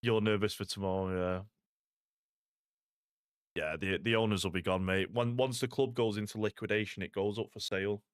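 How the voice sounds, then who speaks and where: Young man, very low voice, dry close sound, laid-back gaming chatter. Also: steady tone, normal speed, pauses often, smooth, dry recording. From Salford, England. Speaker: streamer. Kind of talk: casual gaming stream chat.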